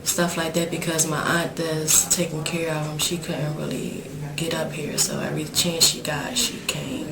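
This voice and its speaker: A woman's voice: deep voice, level tone, normal speed, creaky, hardly any pauses. A young woman speaking as an incarcerated mother in a documentary interview, talking casually and hesitantly with many fillers. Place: prison visiting area. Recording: echoey room with crowd behind.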